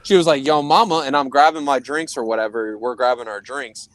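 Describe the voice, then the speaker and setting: A man's voice: medium pitch, fairly even intonation, a little fast, dry recording. A young man co-hosting a podcast, telling a rambling, profane story in casual chat and laughing often. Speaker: podcast co-host.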